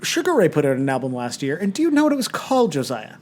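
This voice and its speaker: A man's voice: fairly high pitch, wildly swooping pitch, quick pace, darkish tone. Dry, sarcastic man co-hosting a podcast. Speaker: podcast co-host. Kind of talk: casual chat.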